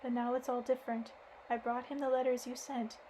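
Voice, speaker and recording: A worried, sturdy village housekeeper woman in her forties spills out her story in folksy, rustic phrases, as a woman reader puts her on. The voice sits high and stays fairly level, with a faint hiss behind it. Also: level tone, a little fast, mellow, close to an everyday voice, poor audio.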